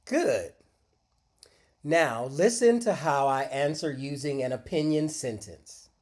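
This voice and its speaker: A man teaching a short English lesson, speaking deliberately and modeling phrases for learners to repeat. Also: fairly high pitch, expressive, a little mellow. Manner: slow, deliberate, encouraging, models phrases aloud for repetition. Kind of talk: scripted micro-lesson with screen demo.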